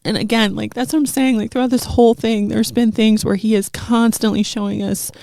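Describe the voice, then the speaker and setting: Earnest woman with a gravelly edge. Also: medium pitch, steady tone, moderate pace, dark tone, no echo, studio quality. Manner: earnest storytelling with frequent fillers. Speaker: guest sharing a testimony. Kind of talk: heartfelt personal testimony in conversation.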